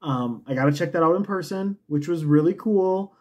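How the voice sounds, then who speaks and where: A man's voice: a little high, moderate pace. A man hosting a knitting show, talking casually in a chatty, rambling, self-mocking way. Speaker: knitting podcast host. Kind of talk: casual chat.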